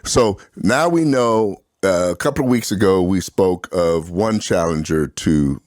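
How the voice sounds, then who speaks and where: A man's voice: low voice, measured pace, a little mellow, no echo, studio quality. A man co-hosting a casual political talk show, telling stories and laughing often. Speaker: co-host.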